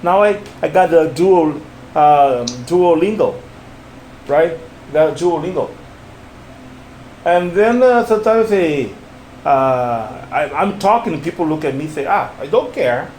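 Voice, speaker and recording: A man's voice: fairly high pitch, lively intonation, unhurried, darkish tone. A man teaching English one-on-one, patiently repeating phrases and coaching his student on stress and intonation. The recording sounds roomy, with a faint hiss.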